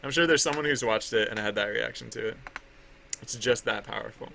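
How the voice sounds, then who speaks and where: A man talks loosely on a livestream while working on a drawing. His voice is bright and edged with gravelly fry. He rambles, trips over his words and keeps laughing at himself, with a faint hiss of noise behind him. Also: mid-range voice, fairly quick. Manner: rambling, many fillers and restarts, laughs at himself. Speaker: artist streaming his drawing.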